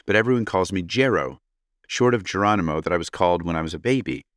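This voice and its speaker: A man's voice: sits low, fairly bright tone, dry recording, studio quality. A man co-hosting a podcast, reading a listener's letter aloud in a playful, joking way and laughing often. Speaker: podcast co-host.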